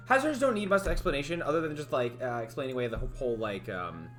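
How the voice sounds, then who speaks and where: A man's voice: medium pitch, fairly bright tone. A man livestreaming as a game developer, rambling and thinking aloud in casual chat, often laughing at himself.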